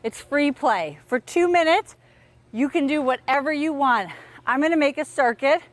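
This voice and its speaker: Energetic woman coach, high voice, counts drills aloud for kids, a bit winded. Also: normal speed, no echo. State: out of breath. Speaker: tennis coach. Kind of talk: live online kids' workout lesson.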